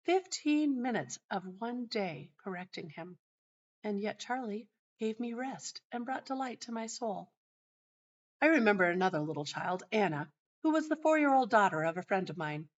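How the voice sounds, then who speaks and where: A middle-aged woman hosting a teaching show, telling a personal story in a calm, measured way. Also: medium pitch. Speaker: host and teacher. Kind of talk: narrating a personal teaching anecdote. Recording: dull lo-fi sound.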